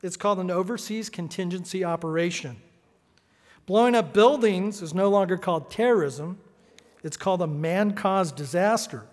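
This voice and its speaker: A man's voice: high-pitched, normal speed. Sardonic man speaking at a podium. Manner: sardonic, punchy delivery. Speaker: editorial cartoonist giving a talk. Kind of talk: prepared speech. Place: large hall. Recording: echoey hall reverb.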